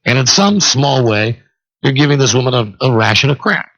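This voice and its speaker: Here a male talk radio host delivers a long solo story, acting out its people in an animated style. He has a mid-range voice at a moderate pace, heard on a dull, lo-fi radio broadcast.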